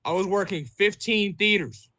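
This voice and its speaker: A man on a podcast telling a story in casual chat, profane and animated, full of fillers and "bro". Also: sits high, moderate pace, no room sound.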